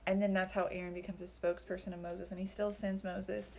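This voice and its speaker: A young woman teaches a Bible passage in an easygoing, chatty way, full of fillers and animated quotes. Her voice is warm and mellow, with a faint hiss in the background. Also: mid-range voice, fast. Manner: chatty, filler-heavy, acts out quoted lines. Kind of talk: casual Bible study talk.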